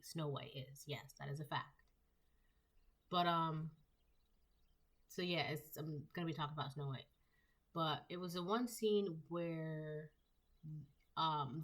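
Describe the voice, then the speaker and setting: A woman with a low voice gives a casual tarot reading. She rambles, full of fillers and restarts. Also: fairly bright tone. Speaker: tarot reader.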